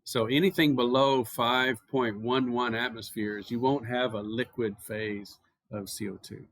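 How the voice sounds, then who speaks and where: A man's voice: lowish voice, no echo. An American man lecturing on chemistry at a university, explaining casually and telling stories with plenty of fillers. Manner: relaxed, anecdotal explaining with filler words. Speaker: chemistry professor.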